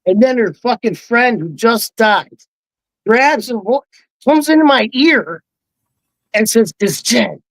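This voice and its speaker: A man on a live online panel, telling a wild story in an excited, heavily profane way and acting out the quotes. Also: very high voice, takes it slowly, pauses often, dry recording, low-quality recording. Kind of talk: casual storytelling.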